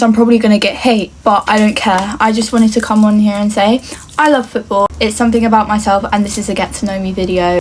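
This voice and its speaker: A woman's voice: on the high side, slight background noise. A young woman from England talking earnestly to camera in a casual get-to-know-me vlog, chatty and fond of saying "like". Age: young adult. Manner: chatty and earnest, often says "like" and "obviously". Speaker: vlogger.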